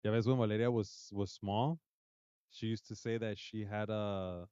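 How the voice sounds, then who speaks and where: A man's voice: lowish voice, fairly even intonation, moderate pace, mellow, clean tone, dry recording, highs cut off. Rambling bilingual man telling a spooky story. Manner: rambling, swearing, mixing English and Spanish. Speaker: podcast co-host. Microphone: podcast mic.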